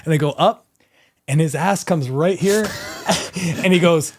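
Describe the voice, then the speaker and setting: A man in his thirties, a wrestler guest in an interview, telling a story in a casual, animated way with plenty of fillers. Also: fairly high pitch, takes it slowly, slight background noise. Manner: animated, rambling anecdote with many fillers.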